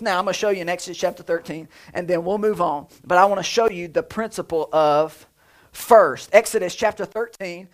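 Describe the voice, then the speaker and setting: A man in his thirties preaching a sermon in a lively, conversational way, with jokes and playful sound effects. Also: sits high. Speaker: pastor.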